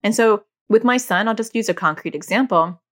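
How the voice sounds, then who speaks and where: A middle-aged woman, a mother and parent educator, explaining casually and acting out quoted lines in a higher voice. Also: a little fast. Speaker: parent educator teaching about OCD.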